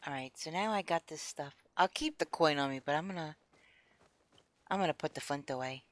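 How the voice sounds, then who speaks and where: A young woman streaming a game, chatting casually with her viewers in an expressive, excitable way on a close desk mic. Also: low-pitched, brisk, dry recording. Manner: expressive, chatty, gets excited and laughs a lot. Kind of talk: casual live-stream chat.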